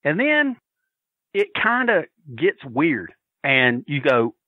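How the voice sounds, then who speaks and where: A man telling a story loudly and boisterously on a podcast, swearing freely as a regular contributor. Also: a little high, sing-song, takes it slowly, no echo, phone-quality sound. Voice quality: loud and boisterous, profane. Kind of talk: loud storytelling, casual chat.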